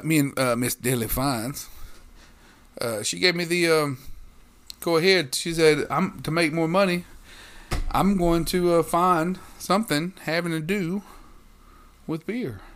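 Guy cussing and rambling on a podcast, slightly high voice, keeps restarting. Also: fairly bright tone. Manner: rambling, profane, restarts a lot. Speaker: podcast co-host. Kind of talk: casual podcast chat.

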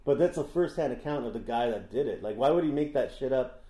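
A man's voice: medium pitch, expressive, fast, dark tone, reverberant, low-quality recording. A man co-hosting a podcast, reading a story aloud with frequent laughs and stumbles. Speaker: podcast co-host.

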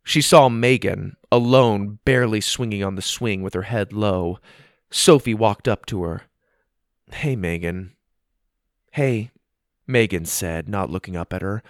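A man narrating a children's story in an expressive, animated reading style. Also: on the low side, moderate pace, no echo, studio quality.

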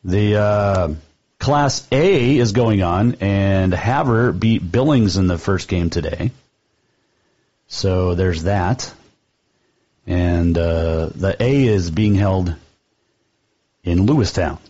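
Male sports talk host, rambling casual monologue, slightly low and husky, dull lo-fi sound. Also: expressive, slow, long pauses, mellow. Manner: chatty, rambling, fond of trivia.

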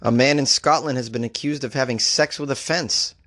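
A man's voice: medium pitch, steady tone, fairly quick, a bit bright. A man hosting a comedic news podcast, joking and laughing at his own gags as he reads out the stories.

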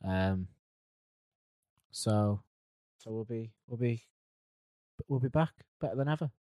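Relaxed, hesitant podcast co-host man. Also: on the low side, slow, dry recording. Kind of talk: casual chat.

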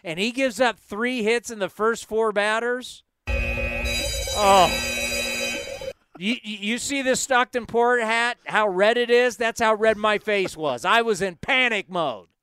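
A man in his fifties hosting a sports talk show, excitable and self-mocking as he tells stories. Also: high voice, measured pace, faint music behind. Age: 50s. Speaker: sports radio host.

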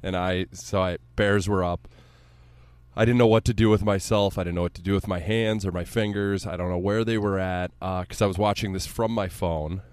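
A man co-hosting a casual sports podcast, telling stories in an excitable, joking and sometimes profane way. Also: sits low, a little fast, smooth, no echo. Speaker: podcast co-host.

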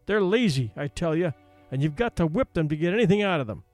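A man's voice: on the high side, animated, quick pace, darkish tone, dry recording, soft background music, lightly acted. A man voicing an arrogant, short-tempered young man who speaks curtly and with a sneer. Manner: curt and sneering.

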